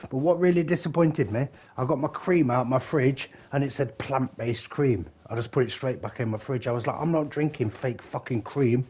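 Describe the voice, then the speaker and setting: A man's voice: mid-range voice, brisk, hardly any pauses, a little mellow, breathy edge. A British man chatting casually while gaming on a live stream, rambling, swearing and laughing often, a little tipsy. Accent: British English. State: slightly tipsy.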